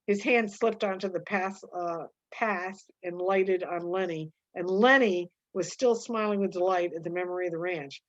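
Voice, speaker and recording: A woman reading a novel aloud with her own comments, halting, with frequent fillers and self-corrections. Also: fairly low pitch, lo-fi sound. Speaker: reader.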